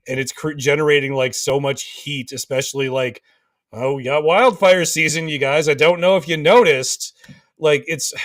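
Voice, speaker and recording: A man's voice: medium pitch, fairly bright tone, dry recording, clean studio sound, far from the mic. A man on a video call talking emphatically and rambling, with lots of fillers, in a casual panel chat. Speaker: co-host.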